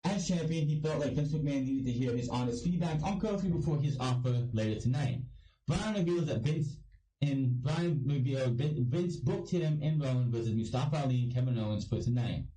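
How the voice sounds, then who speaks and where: A man's voice: mid-range voice, brisk, mellow, reverberant, far from the mic, poor audio. A man from Ohio giving a casual wrestling review, blunt and ranting, swearing freely. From Ohio, United States.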